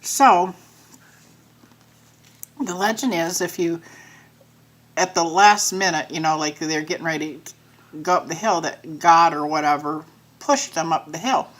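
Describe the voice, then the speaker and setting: A woman's voice: low voice, a little slow, pauses often, fairly bright tone. A woman talking casually into her phone while eating for her channel, rambling through a story with lots of fillers. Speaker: mukbang vlogger. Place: at home with pets nearby.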